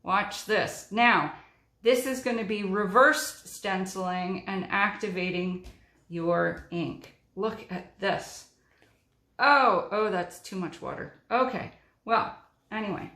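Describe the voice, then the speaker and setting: A woman's voice: mid-range voice, slow, pushed and bright. A middle-aged woman chatting through a card-making tutorial, talking her way through each step with frequent ums. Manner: chatty, narrates while working, many ums. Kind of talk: crafting tutorial chat. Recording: echoey room.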